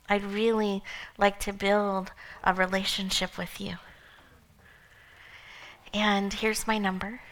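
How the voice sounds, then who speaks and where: A tender elderly grandmother speaking in a soft, soothing voice, as a woman puts her on. She is gentle and wise, and her quiet, caring words sometimes drop nearly to a whisper. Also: mid-range voice.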